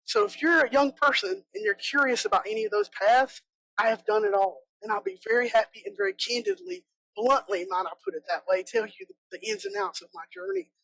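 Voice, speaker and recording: A woman's voice: on the high side, very animated, fairly quick, fairly bright tone, dry recording, low-quality recording. A woman from South Georgia with a Southern American accent, giving a chatty, joking conference talk as a bee inspector. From South Georgia, USA. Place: conference room.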